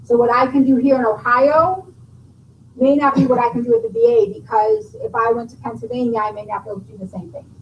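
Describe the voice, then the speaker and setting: A woman's voice: on the high side, fairly even intonation, quick pace, recorded from a distance, dull audio. A woman teaching a nursing class, explaining and quizzing her students. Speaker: nursing instructor. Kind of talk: classroom lecture. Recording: roomy classroom recording from afar, faint noise.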